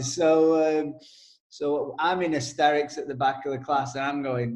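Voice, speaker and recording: A man co-hosting a casual podcast chat, telling stories with frequent laughs and quick asides. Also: on the high side, fairly even intonation, darkish tone, echoey room. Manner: chatty storyteller, laughs often, quick asides. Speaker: co-host, personal development coach.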